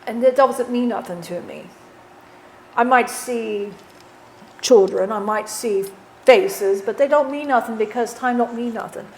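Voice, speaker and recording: A woman channeling a blunt, rough-talking dead man. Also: fairly high pitch, measured pace, a little mellow, slight background noise. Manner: rambling, blunt, swears, lots of "you know". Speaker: spirit channeler. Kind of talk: channeling session.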